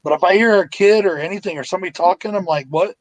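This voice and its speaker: A man's voice: sits high, very fast. A man hosting a live podcast, chatting casually and crudely with lots of swearing. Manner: crude, swears freely, laughs often. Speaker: podcast host.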